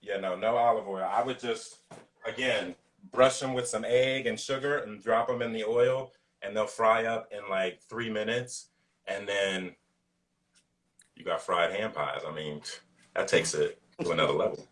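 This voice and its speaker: Male guest, lowish voice, laid-back chat over a video call, filler-heavy. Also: measured pace, far from the mic. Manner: relaxed, loose, filler-heavy talk. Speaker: guest cook. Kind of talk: casual interview chat.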